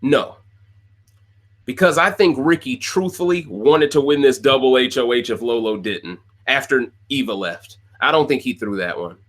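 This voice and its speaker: A man's voice: medium pitch, a bit bright. A man hosting a casual rant-style recap show, talking straight to his viewers, opinionated and prone to repeating himself. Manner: opinionated, repeats phrases, talks to viewers directly. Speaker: podcast host recapping a reality show.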